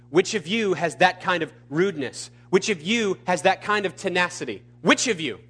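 A man preaching a sermon, emphatic and repetitive, building to loud peaks. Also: mid-range voice. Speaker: pastor.

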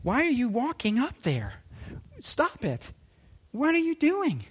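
A preacher doing a flustered middle-aged missionary in a retold sermon story, yelping questions at himself in a higher, brighter voice. He sounds baffled and a bit put out. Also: very animated, very fast, slight background noise. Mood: bewildered. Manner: incredulous, exclaiming to himself.

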